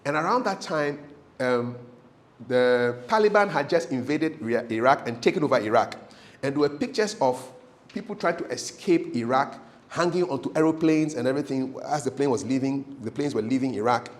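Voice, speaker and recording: A middle-aged man, a TV presenter who gives casual, animated advice on interviewing. He tells stories, repeats phrases for emphasis and laughs often. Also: medium pitch. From Ghana.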